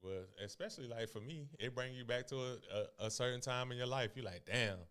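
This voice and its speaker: A man's voice: mid-range voice, fast talker, a bit bright, clean tone. A man hosting a casual interview, easygoing, laughing along and chiming in with short agreeing replies. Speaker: host. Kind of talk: casual chat.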